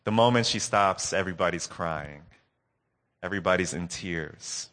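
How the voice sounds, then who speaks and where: A man preaching a sermon recap, earnest and telling a story with dramatic pauses. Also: sits low, a bit bright.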